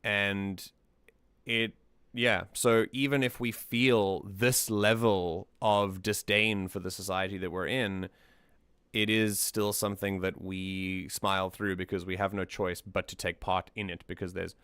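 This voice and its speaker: Man, low voice, smooth and clear, music analysis host, casual thoughtful chat, dry close mic. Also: level tone, measured pace, fairly bright tone, no echo. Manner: thoughtful, repeats words while thinking.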